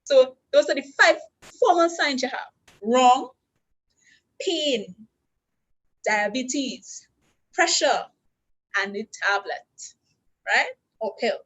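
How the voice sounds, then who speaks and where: Higher-pitched Trinidadian woman teaching signs. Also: lively intonation, takes it slowly, long pauses, fairly bright tone, low-quality recording. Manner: patient, step-by-step instructional. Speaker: sign language instructor. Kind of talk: teaching a class. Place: university orientation session.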